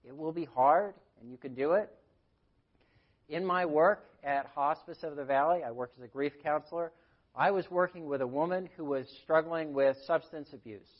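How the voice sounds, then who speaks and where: A man's voice: on the high side, moderate pace, lo-fi sound. A man, a grief counselor, giving an earnest sermon and telling stories with quoted voices. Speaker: grief counselor speaking at church.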